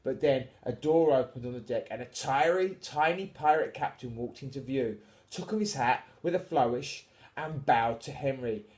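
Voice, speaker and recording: A man's voice: mid-range voice, moderate pace, a little mellow. A man reading a children's storybook to his kids, with casual, chatty asides between the lines.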